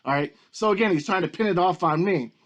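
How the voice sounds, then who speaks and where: A man's voice: sits high, fast talker, muffled recording. A man ranting angrily in a commentary video, swearing heavily and repeating himself as he gets worked up. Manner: profane, agitated, repetitive. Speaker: YouTube commentator.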